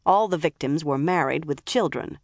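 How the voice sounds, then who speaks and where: A tough female police chief with a sharp, sarcastic bite, as the audiobook narrator puts her on. She snaps out impatient lines with a lift in pitch. The audiobook sound is dry and close. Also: normal speed, no echo, natural voice.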